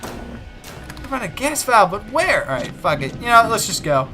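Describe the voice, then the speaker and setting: A man's voice: high voice, sing-song, measured pace. A man commentating a horror game, muttering and swearing nervously to himself. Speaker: let's play gamer. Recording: game music behind voice.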